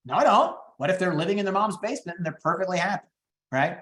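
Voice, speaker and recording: A man coaching real estate agents on phone scripts, talking fast and upbeat and acting out the calls. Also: fairly bright tone, echoey room, slight background noise. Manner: high-energy, quick, acts out phone calls. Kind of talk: teaching sales scripts in a webinar.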